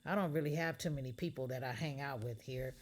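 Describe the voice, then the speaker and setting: A woman's voice: extremely low pitch, fast talker, slight background noise. A woman voicing a chatty, friendly young wife in a storybook reading.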